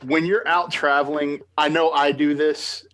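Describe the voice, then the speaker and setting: Excitable American man hosting a podcast. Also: on the high side, measured pace. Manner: excitable, animated storytelling with laughs. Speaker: podcast host. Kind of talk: enthusiastic interview chat.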